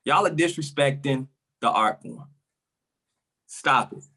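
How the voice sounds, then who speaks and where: Worked-up man on a podcast, bright husky voice, kinda out of breath, keeps repeating himself. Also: mid-range voice, slow. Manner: passionate, repetitive, emphatic. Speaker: resident comic on podcast. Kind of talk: casual podcast chat.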